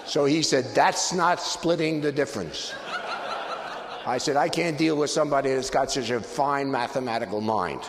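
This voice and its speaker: A man's voice: mid-range voice, moderate pace, creaky. An older man giving a live presentation on negotiation, telling humorous anecdotes with wry punchlines. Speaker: guest speaker on negotiation. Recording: hall reverb with faint background noise.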